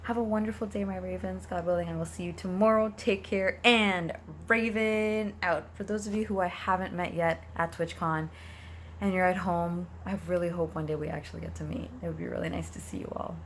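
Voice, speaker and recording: A woman's voice: fairly low pitch, steady tone, brisk, a little hiss or hum. A young woman streamer from Canada, talking casually to her viewers in a rambling way while losing her voice. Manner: chatty, rambling, frequent ums and likes. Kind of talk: casual vlog talk to viewers.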